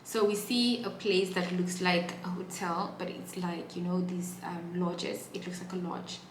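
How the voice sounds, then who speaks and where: A woman's voice: lowish voice, level tone, unhurried, slight background noise. Young woman vlogger, dramatic storyteller with big swings in volume; a roomy, echoey sound with faint ambience behind. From Namibia. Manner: dramatic, swings from hushed asides to loud exclaiming. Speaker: YouTuber telling a story. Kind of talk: animated storytime vlog.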